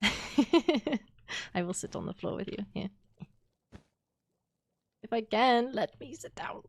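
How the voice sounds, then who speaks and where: Slow, formal-speaking woman roleplayer. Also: on the high side, animated, vocal fry. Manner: polite, formal wording, frequent soft laughs. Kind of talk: in-character roleplay conversation.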